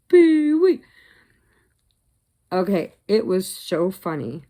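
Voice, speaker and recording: Woman, middle-aged, gravelly, mellow, unhurried, casual storytelling vlog. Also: lowish voice. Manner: animated, laughs at her own stories. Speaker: crochet vlogger.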